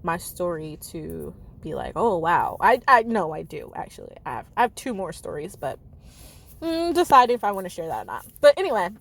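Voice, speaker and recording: A woman's voice: lowish voice, very animated, brisk, gravelly. A woman in her thirties talking casually to camera, chatty and candid, with lots of "like" and "you know". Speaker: vlogger.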